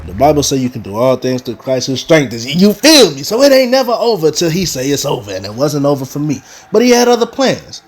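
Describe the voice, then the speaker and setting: Animated young man telling a story. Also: fairly high pitch, fairly quick, hardly any pauses. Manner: animated storyteller, talks straight to the audience. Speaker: vlogger. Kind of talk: casual storytime.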